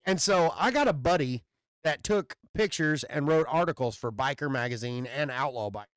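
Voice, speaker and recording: A man tells a long story in a casual chat, swearing freely and stammering through restarts. His voice sits a little high, and the sound is dry and close with no room around it. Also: animated, a little fast, clean tone, dry recording. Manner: rambling storyteller with loose profanity and stammered restarts. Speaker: podcast host.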